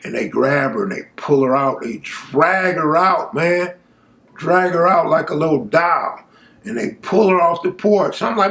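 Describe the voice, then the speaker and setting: A man telling a true story from his own life in a casual, animated way, full of street slang and asides to the viewer. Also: on the high side, measured pace, gravelly.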